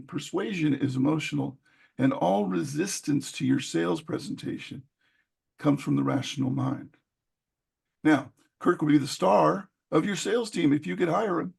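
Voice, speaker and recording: A man's voice: fairly high pitch, vocal fry, darkish tone, breathy edge. A man giving an emphatic business presentation over a video call, often repeating words as he restarts. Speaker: guest speaker on advertising.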